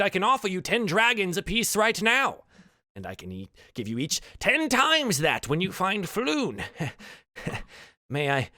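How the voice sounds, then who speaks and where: A man's voice: on the high side, pushed and bright, no room sound, studio quality, voice pushed up, exaggerated voice. A man voicing a flamboyant male wizard and chronicler who boasts and chuckles as he asks for help. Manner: grandiose, chuckling showman.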